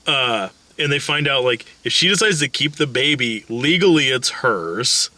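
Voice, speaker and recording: A man's voice: medium pitch, animated, moderate pace, bright, forceful tone, no echo. A man co-hosting a film review, retelling the plot in a rambling, profane way full of "like" and acted-out quotes. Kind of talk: casual chat, retelling a film's plot.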